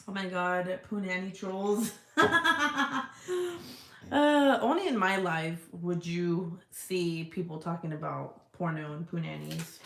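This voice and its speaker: A woman's voice: fairly low pitch, expressive, slow, a bit bright, roomy sound. A woman hosting a casual livestream, reading viewer comments aloud in a rambling, profane, giggly way. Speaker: livestream host.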